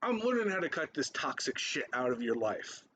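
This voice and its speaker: High, lively ranting man in his thirties. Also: normal speed, a little hiss or hum. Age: 30s. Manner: profane, rambling, laughing, repeats himself. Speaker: commentator reacting to posts. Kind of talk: ranting reaction commentary.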